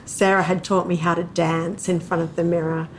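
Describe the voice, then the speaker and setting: A woman's voice: lowish voice, moderate pace, slight background noise. A woman, casually telling a memory and laughing often. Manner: laughs often, chatty and animated. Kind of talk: casual storytelling.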